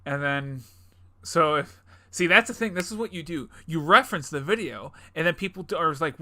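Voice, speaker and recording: Bright-voiced joking young podcast host. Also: male voice, fairly high pitch, expressive, fairly quick. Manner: jokey, laughing, rambling with restarts. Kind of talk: casual chat.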